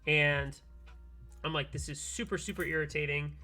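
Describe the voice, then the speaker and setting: A man streaming from his workbench, telling a long story in animated casual chat and acting out both sides of a phone call. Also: a little high, normal speed, faint music behind. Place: home workbench, soldering keyboards.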